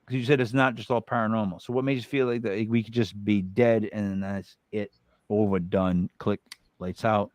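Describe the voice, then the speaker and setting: A man's voice: lowish voice, steady tone, moderate pace, a little mellow, dry recording, poor audio. An American man hosting a podcast, chatting casually in a blunt, joking way and swearing freely. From United States. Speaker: podcast host.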